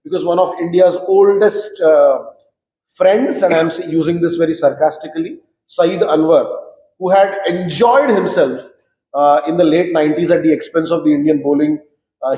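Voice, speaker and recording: A man recalling old cricket matches in an animated, storytelling way, with frequent fillers. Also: fairly high pitch. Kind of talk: reminiscing conversation. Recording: roomy echo.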